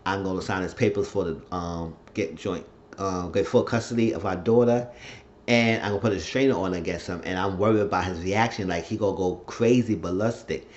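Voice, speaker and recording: Profane, excitable man recapping a show. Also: deep voice, a little fast. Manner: retells scenes in quotes, profane asides, excitable. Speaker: TV episode recapper. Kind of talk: casual TV episode recap. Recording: dull lo-fi recording.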